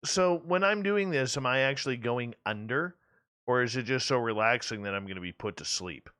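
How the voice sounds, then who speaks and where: A male radio host asks his questions in a playful, joking way, his pitch swinging up and down. The sound is dry and close, with no room in it. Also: lively intonation, normal speed, bright, forceful tone, clear, resonant tone, dry recording. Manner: playful, self-deprecating questions. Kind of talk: casual interview questions.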